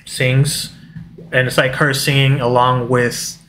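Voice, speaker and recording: A man co-hosting a casual movie podcast, calmly chiming in to recap scenes. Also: medium pitch, takes it slowly, a little hiss or hum. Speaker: podcast co-host.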